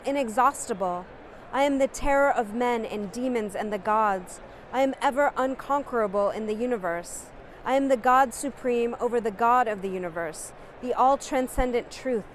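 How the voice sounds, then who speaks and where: A woman's voice: a little high, a little hiss or hum. A woman giving a dramatic, impassioned poetry recitation. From United States. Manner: declamatory and impassioned.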